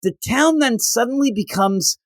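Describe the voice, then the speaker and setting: A man co-hosting a comics podcast in casual chat, animated and exasperated, slipping into mock voices when quoting characters. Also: very high-pitched, moderate pace, no echo, clean studio sound. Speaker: podcast co-host reviewing comics.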